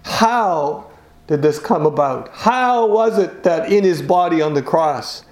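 A man's voice: on the high side, expressive, takes it slowly, reverberant. A man preaching a sermon, earnest and emphatic, often repeating key phrases for weight.

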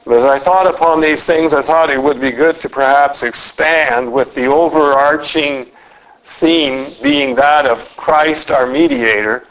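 A man preaching an expository sermon, speaking in a measured, deliberate way and slowing down for emphasis. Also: fairly high pitch, fairly bright tone, a little hiss or hum, rough recording.

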